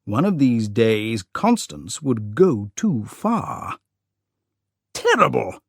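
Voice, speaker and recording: Narrator for learners, slow careful pace, lively pitch, lots of expression. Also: dry recording, clean studio sound. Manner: slow, clear and expressive reading. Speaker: audiobook narrator. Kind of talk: scripted narration for English learners.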